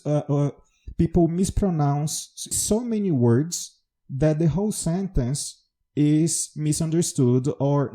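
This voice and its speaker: Very dark-voiced Brazilian man teaching. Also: mid-range voice. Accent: Brazilian Portuguese, Baiano. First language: Portuguese. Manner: explanatory, teacherly, measured. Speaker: podcast host, English teacher. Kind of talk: solo educational podcast monologue.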